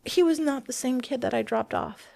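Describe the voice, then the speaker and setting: A woman, a guest in an interview, telling a personal story in a casual, animated way and acting out the dialogue she quotes. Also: high-pitched, normal speed, creaky, no echo.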